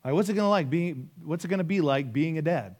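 Pastor, male, 30s, slightly high voice, emphatic sermon delivery full of rhetorical questions. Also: fast talker, a little mellow. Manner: emphatic, repeating key phrases with rhetorical questions.

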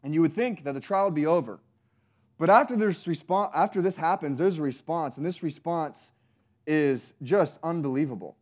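A male preacher delivers a sermon in an animated, emphatic manner. His voice sits high for a man, and he keeps the room engaged with rhetorical questions. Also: moderate pace.

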